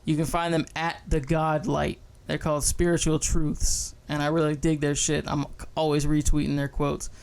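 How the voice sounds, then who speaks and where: A man's voice: fairly high pitch, little pitch movement, normal speed, gravelly, few pauses, clear, resonant tone. A young man co-hosting a casual podcast, talking in a laid-back, profane way and laughing easily. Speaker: podcast co-host.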